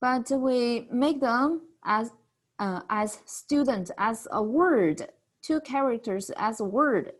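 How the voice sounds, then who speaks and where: A woman teaching a beginner language lesson, patiently modeling sounds with drawn-out, exaggerated vowels. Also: fairly high pitch, animated.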